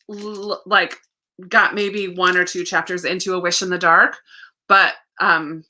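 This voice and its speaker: A young woman hosts a relaxed livestream, chatting and reading viewer comments aloud. She laughs often between thoughts. Her voice is bright and forward. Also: mid-range voice. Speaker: livestream host. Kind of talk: casual livestream chat.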